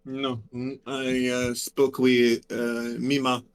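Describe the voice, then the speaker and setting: A man playing a tabletop game on a live stream, talking slowly with many pauses and fillers in a mock French accent. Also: medium pitch, completely flat delivery, clear, resonant tone. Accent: mock French put-on. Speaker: tabletop player. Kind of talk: in-character play on a live stream.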